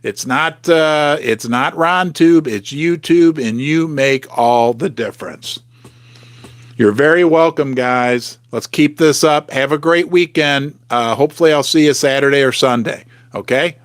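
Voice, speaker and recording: Man, livestream host, casual chat, reads viewer comments, fairly high voice, dry close sound. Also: a little slow, no room sound. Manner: chatty, reads out live comments, animated outbursts.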